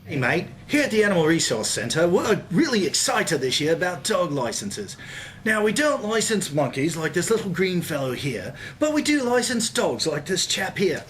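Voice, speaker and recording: A man's voice: high-pitched, very animated, normal speed, a bit bright, slight background noise. A man doing a put-on Australian accent as a cheery, over-the-top announcer in a comedic TV commercial. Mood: cheery hype. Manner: chirpy, hammy salesman patter.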